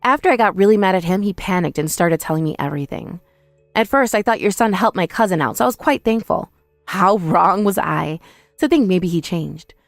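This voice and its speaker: A woman's voice: lowish voice, lively intonation, brisk, vocal fry, no room sound, clean studio sound, soft background music. A young woman telling a first-person dramatized story in an indignant, accusing manner. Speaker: narrator and protagonist.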